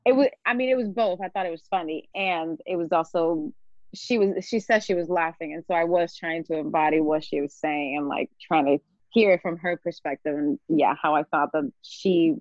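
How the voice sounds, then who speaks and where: A woman's voice: low voice, moderate pace, a little mellow, no room sound, dull audio. A woman hosting a podcast, chatting casually with a friend and reading a poem aloud, laughing often. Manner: laughs often, fillers and restarts. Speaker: podcast host. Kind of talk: casual chat and poetry reading.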